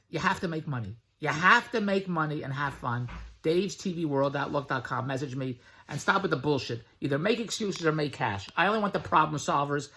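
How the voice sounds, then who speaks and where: A middle-aged man giving a blunt, pushy sales pitch straight to the camera, repeating his slogans and swearing freely. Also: pushed and bright. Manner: blunt, pushy, repetitive hard sell with profanity. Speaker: online business promoter.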